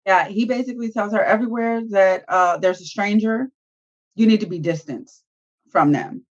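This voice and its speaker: A woman's voice: medium pitch, normal speed, lo-fi sound. A woman co-hosting a casual reality-TV recap show, retelling scenes with profanity and acted-out quotes. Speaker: co-host.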